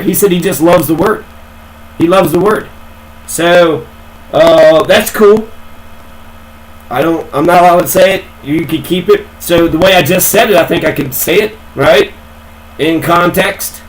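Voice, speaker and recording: Guy ranting casual, swears constantly, circles back and repeats stuff, voice a bit on the high side. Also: unhurried, slight background noise, low-quality recording. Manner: rambling, swears a lot, repeats himself. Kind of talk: casual profane rant.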